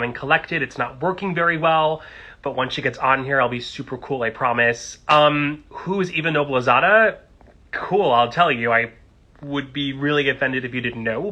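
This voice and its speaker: An excitable, gushing man hosts a casual live interview, talking straight into his phone. His voice is bright and ringing at a middle pitch. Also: low-quality recording. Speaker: host. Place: at home in New York. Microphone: phone on a social-media live stream.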